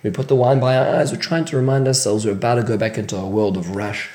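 A man's voice: medium pitch, fairly even intonation, fast talker, dark tone, reverberant. A man teaching a question-and-answer lesson on Jewish law, often restarting his sentences as he goes. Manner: question-and-answer delivery with frequent restarts and fillers. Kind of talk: Q&A-style halachic lesson.

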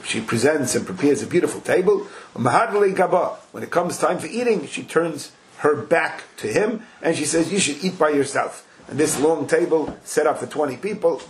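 A man teaches a Talmud class to a small group, mixing Hebrew and Yiddish terms into his English and animatedly acting out the quoted dialogue. His voice is fairly high, his pace moderate with few pauses, and there's a little hiss or hum.

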